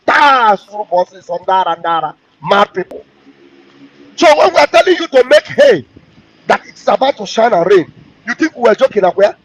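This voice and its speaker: A man's voice: high-pitched, lively intonation, normal speed, no room sound. A male host, giving heated, mocking political commentary. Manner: heated, mocking, acts out quotes. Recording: dull, dry lo-fi audio.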